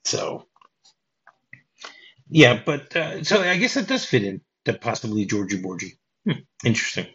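Male podcast host, casual and halting, mid pitch, lo-fi sound. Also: big pitch swings, pushed and bright. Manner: halting, repeats words often. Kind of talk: casual film discussion. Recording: dull lo-fi podcast audio.

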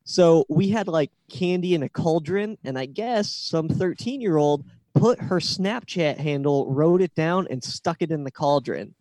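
A man's voice: fairly high pitch, unhurried, few pauses, a little mellow, no room sound. Chatty man spinning a long story. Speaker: podcast co-host. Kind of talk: casual chat.

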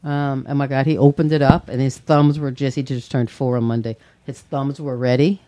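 A woman's voice: extremely low pitch, steady tone, normal speed, mellow. A woman in her fifties, a grandmother co-hosting a community radio show in casual, playful chat, laughing often.

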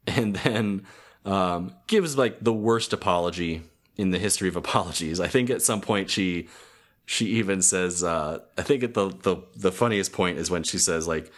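A man casually retelling a cartoon episode on a podcast, halting with many restarts and fillers. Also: low-pitched. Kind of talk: casual chat.

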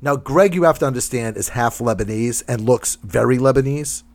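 A man's voice: medium pitch, normal speed. A man from Massachusetts casually telling a funny story on a podcast, acting out other people's lines. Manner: animated anecdotes, acts out other people's lines, laughs often.

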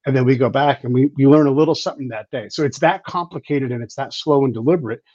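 Husky man telling war stories. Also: mid-range voice, fast talker, dry recording, lo-fi sound. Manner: animated anecdotes full of restarts and fillers. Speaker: guest, former Army counterintelligence specialist. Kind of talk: casual podcast storytelling.

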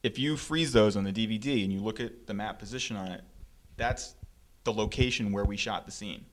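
A man's voice: lowish voice, brisk. A man talking as a guest filmmaker on a podcast, laid-back and full of "like" and "you know". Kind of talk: casual interview talk.

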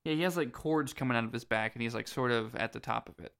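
A man's voice: mid-range voice, fast talker, vocal fry, a bit bright. A man co-hosting a casual podcast, laid-back, with crude jokes and lots of ums. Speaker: podcast co-host. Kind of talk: casual game-recap chat.

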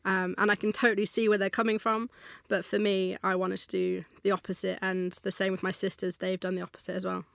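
A woman speaks thoughtfully, with a gravelly edge to her voice and a flat tone. The sound is dry. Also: mid-range voice, brisk, no room sound. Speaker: guest. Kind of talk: reflective talk.

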